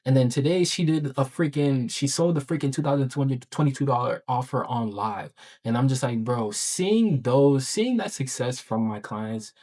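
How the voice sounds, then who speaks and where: A man talking in a casual daily vlog about his coaching work, excited and rambling, full of slang and filler words. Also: medium pitch, moderate pace. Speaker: online business coach.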